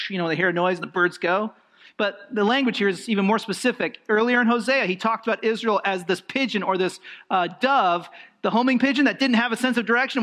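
A man preaching a sermon, emphatic and animated, with rhetorical questions and lively swings in emphasis. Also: very high voice. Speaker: pastor.

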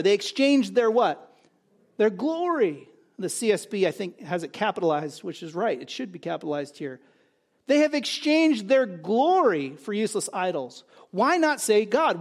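High-voiced pastor preaching conversationally. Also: male voice. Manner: conversational preaching with emphatic rises and quiet asides. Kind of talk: sermon.

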